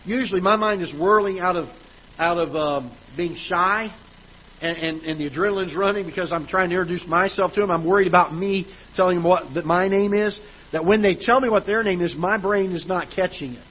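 A man's voice: high-pitched, brisk, slightly rough, highs cut off. A man preaching a sermon as pastor, earnest, often restarting and repeating words. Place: church auditorium.

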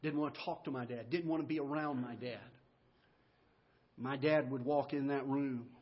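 Husky-voiced preacher telling folksy stories. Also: male voice, medium pitch, fairly even intonation, normal speed, highs cut off. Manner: folksy storytelling, swings from loud to hushed. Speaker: pastor. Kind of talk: sermon. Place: church sanctuary.

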